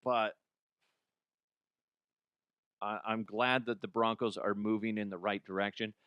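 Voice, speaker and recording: A man's voice: lowish voice, fairly even intonation, a little slow, clear, resonant tone, no room sound, dull audio. A man hosting a solo sports podcast, ranting bluntly with swearing, often restarting and repeating words. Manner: blunt, opinionated, swears freely. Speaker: podcast host.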